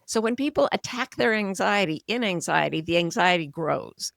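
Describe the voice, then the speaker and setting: A woman in her sixties, an author and coach speaking as a podcast guest, explaining in an earnest, conversational way that softens and slows when she models kind self-talk. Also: fairly low pitch, lively intonation, gravelly, dry recording, clean studio sound. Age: 60s. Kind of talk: conversational interview.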